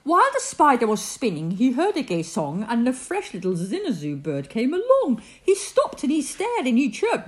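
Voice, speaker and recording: A woman reading a rhyming bedtime story aloud in an animated storyteller's voice. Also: on the high side, normal speed, hardly any pauses.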